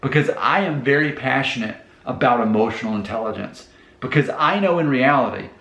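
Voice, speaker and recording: A man's voice: mid-range voice, a little fast, vocal fry, a bit bright, highs cut off. Earnest man giving advice, roomy echo. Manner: earnest, repeats steps, restarts. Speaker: channel host giving advice. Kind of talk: casual advice talk to camera.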